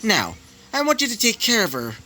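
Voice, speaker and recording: A man voicing a scheming male crime boss in a fan-made story, shouting insults and mocking his foes. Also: sits high, wildly swooping pitch, fairly quick, pitched above the performer's own voice, heavily acted.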